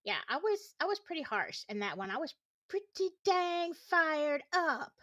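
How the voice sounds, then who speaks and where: A tired woman chatting casually on a livestream, opinionated and quick to get heated, with sarcastic asides and reading chat aloud. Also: high-pitched, very animated, fairly bright tone. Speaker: YouTube true-crime commentator.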